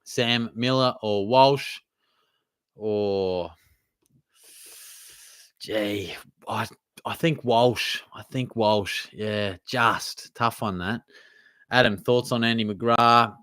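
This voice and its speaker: A man's voice: on the low side, very slow, long pauses, a bit bright, clean tone, no echo, clean studio sound. An Australian man hosting a live question-and-answer stream, talking in a laid-back, chatty way with plenty of slang. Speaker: host. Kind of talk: casual live Q&A chat.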